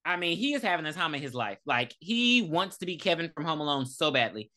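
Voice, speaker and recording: A woman co-hosting a podcast, recapping a movie in casual, profane, animated storytelling. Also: low-pitched, fairly quick, a little hiss or hum. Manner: animated, profane storytelling with dramatic quoted lines. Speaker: podcast co-host. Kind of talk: casual movie review chat.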